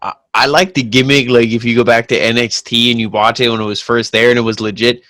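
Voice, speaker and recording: A man's voice: medium pitch, level tone, fast talker, bright, forceful tone, no room sound. Laid-back man, dry close sound. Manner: blunt, laid-back, casual swearing. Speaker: wrestling podcast co-host. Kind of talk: casual chat.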